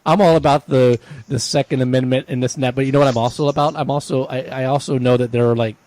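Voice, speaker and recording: A man's voice: medium pitch, steady tone, fast talker, darkish tone, no room sound. Rambling chatty podcast man. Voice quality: rambling, many restarts and fillers. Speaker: podcast co-host. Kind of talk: casual chat.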